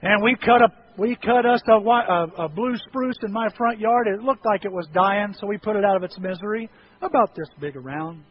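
A middle-aged male pastor preaching a sermon in a church, telling lively stories with self-deprecating humor. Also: sits high, fairly quick, breathy edge, dull audio. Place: church sanctuary.

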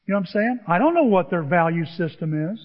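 A man in his sixties preaching a sermon, telling a personal story in an animated, emotional way. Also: sits high, quick pace. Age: 60s. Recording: echoey hall, dull lo-fi sound.

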